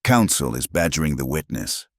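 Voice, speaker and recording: A man's voice: a bass voice, big pitch swings, normal speed, no echo, clean studio sound, heavily acted. A man playing an earnest attorney questioning witnesses.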